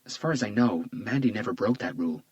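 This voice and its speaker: A man's voice: fairly low pitch, animated, fast, darkish tone, no room sound, muffled recording, close to an everyday voice. A man reading as a tearful, grieving young woman who works as an estate agent, his voice raised and trembling. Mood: subdued grief. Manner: breathy, trembling delivery.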